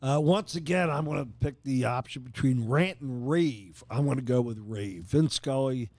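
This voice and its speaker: A man's voice: mid-range voice, moderate pace, a little mellow, no room sound. An older man hosting a casual sports podcast, friendly and leading the talk, often repeating himself. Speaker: podcast host.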